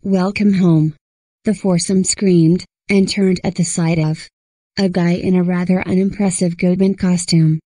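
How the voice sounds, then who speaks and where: Female narrator for horror fiction: low-pitched, dry close sound, steady delivery. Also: normal speed, dry recording, rough recording. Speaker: story narrator. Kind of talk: scripted horror story narration.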